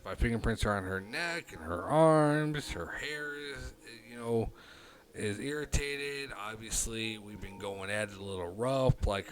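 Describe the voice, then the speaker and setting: A man hosting a livestream, telling a long personal anecdote in a loose, profane, rambling way full of fillers, dropping quiet then getting loud. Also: lowish voice. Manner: animated, swings between hushed and loud. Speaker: livestream host. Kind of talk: casual livestream storytelling.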